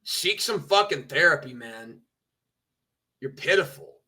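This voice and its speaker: A man's voice: fairly high pitch, animated, a little slow, sharp tone, slightly rough. A man streaming, ranting with petty indignation, swearing and mocking others. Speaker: streamer reacting to clips. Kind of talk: ranting commentary.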